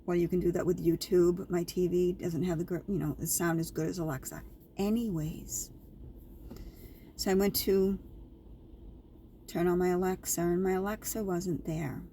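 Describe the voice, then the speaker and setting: Woman vlogging, low-ish voice, rambling annoyed story, faint room hum behind. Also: steady tone, normal speed, long pauses, warm tone. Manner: chatty, repetitive, indignant retelling. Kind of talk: casual storytelling to viewers.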